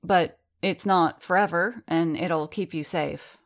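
A woman voicing an eager, hopeful young gentleman. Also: on the low side, takes it slowly. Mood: hesitant. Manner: hesitant and hopeful, words tumbling out. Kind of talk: audiobook character voice.

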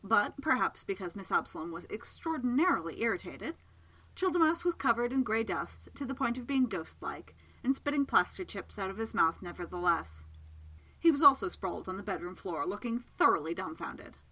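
A woman reading a novel aloud with an expressive, lively delivery, her pitch moving freely through the sentences. Her voice is bright and clear, with a crisp, forward tone. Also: moderate pace, rough recording. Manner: expressive storytelling. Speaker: audiobook narrator. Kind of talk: scripted narration.

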